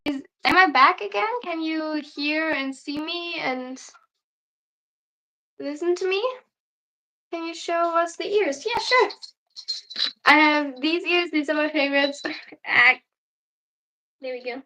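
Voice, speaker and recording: Bright high-voiced German woman streaming. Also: slow, long pauses. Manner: chatty, reads comments aloud and answers them. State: tired. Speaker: livestreamer. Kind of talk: casual livestream chat reading viewer questions.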